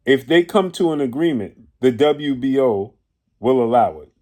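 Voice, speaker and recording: Indignant and full of rhetorical questions, this man offers his opinions on boxing in an expressive, mid-range voice with a darkish tone. Now and then he stops to correct himself or hunt for the right word.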